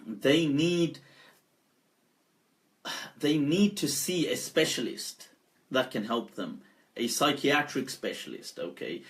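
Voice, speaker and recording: A man, an Islamic scholar, giving an animated live-stream talk and telling stories with frequent laughs. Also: fairly high pitch. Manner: animated storyteller, laughs often.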